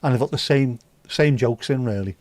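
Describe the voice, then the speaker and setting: A man's voice: mid-range voice, normal speed, darkish tone, no room sound. A man hosting a livestream, reading viewer comments aloud with sweary, jokey banter. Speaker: livestream host. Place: indoors.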